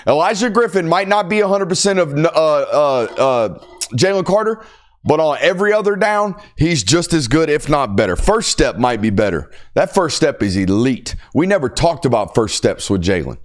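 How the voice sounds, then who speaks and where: A man's voice: a little high, normal speed. A young man hosting a football podcast, talking casually and emphatically, sometimes ranting. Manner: animated, emphatic, ranting at times. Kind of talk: casual sports talk.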